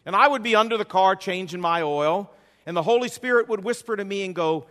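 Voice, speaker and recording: High-voiced preacher in a hall. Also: male voice, brisk, fairly bright tone. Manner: folksy storytelling, repetitive preaching cadence. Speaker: pastor. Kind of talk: sermon. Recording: long hall reverb.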